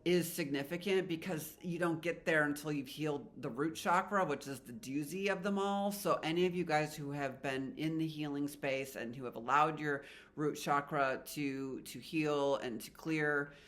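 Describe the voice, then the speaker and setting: A woman's voice: low voice, steady tone, moderate pace. A woman giving a casual tarot reading to her viewers, chatty and rambling, with an emotional, spiritual manner. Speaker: tarot reader.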